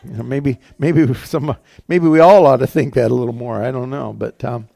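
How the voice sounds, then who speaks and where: A man's voice: medium pitch, steady tone, normal speed, gravelly, warm tone, no echo, studio quality. A male pastor giving a conversational, folksy sermon in church, chuckling between points.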